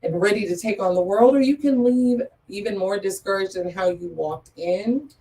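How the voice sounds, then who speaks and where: Earnest lady guest, lowish mellow voice, keeps repeating stuff for emphasis, kinda far from the mic. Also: normal speed. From Metro Atlanta area. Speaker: guest, photographer and business owner. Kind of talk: interview talk.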